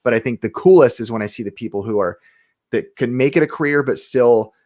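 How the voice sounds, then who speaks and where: A man's voice: medium pitch, fairly quick, a little mellow. A man chatting casually on a livestream, telling upbeat stories in a talkative way. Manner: upbeat, talkative anecdote teller. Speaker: YouTube show host, guest.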